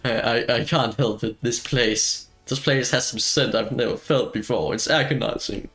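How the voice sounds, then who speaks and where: A meek moon rabbit girl, read out by a gamer, speaking low and plaintively. Faint game music sits behind. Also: moderate pace, fairly bright tone, lightly acted. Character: timid weepy young moon rabbit girl.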